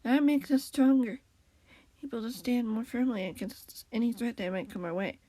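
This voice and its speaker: A woman reading aloud and voicing a gentle male friend who speaks softly and calmly. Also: on the high side, normal speed, no room sound, lightly acted. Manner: soft, calm, reassuring.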